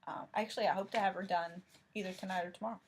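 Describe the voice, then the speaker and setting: Female crafting vlogger, mid-range voice, casual show-and-tell, unhurried and thinking aloud. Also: medium pitch, breathy edge. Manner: relaxed, thinking aloud with small restarts.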